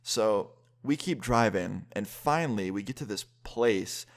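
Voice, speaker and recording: A young man casually telling a personal story as a vlogger, lively and quick, with some swearing. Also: on the low side. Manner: lively, fast-paced retelling with swearing.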